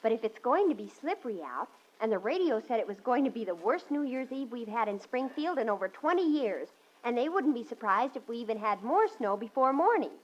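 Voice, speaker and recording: An actress playing an eager teenage daughter with breathless chatter in a 1940s radio sitcom. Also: female voice, fairly high pitch, big pitch swings, brisk, lo-fi sound. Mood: pleading.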